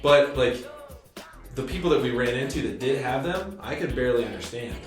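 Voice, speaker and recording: A man hosting a casual chat show who talks in animated bursts and laughs often. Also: mid-range voice, brisk. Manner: animated, laughing, exaggerated outbursts. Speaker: host. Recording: roomy, distant mic with music behind.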